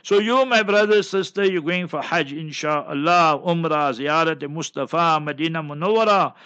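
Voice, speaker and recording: Guy, mufti doing a q&a show, fiery and preachy, voice on the high side, kinda dull lo-fi sound. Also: moderate pace, bright, forceful tone, clear, resonant tone. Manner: fiery, preachy, jumps into anecdotes. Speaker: mufti answering listener questions. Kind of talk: religious question-and-answer talk.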